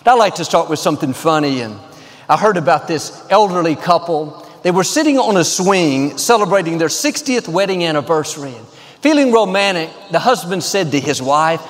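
A man's voice: sits high, animated, a little fast, in a large hall. A man preaching a sermon as pastor, upbeat and confident, building to repeated declarations.

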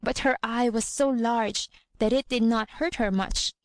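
A woman narrates a storybook folk tale in a fairly high voice. Her reading is even, clear and unhurried. The sound is dry and close, with no room echo. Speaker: reader.

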